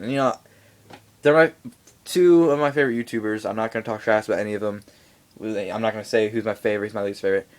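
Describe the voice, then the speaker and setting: A young man giving a casual, rambling movie review in a home vlog, full of fillers and asides. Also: on the low side. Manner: rambling, animated, many fillers.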